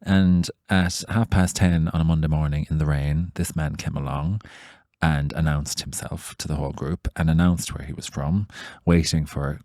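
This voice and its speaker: A young Irish man, a podcast co-host, telling a sweary, animated story in casual chat. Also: extremely low pitch, normal speed, few pauses, no echo, studio quality. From Ireland. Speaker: podcast co-host and tour guide.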